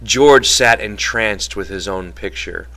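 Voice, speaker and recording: Bright-voiced man narrating a novel. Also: fairly low pitch, slow pace. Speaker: audiobook reader.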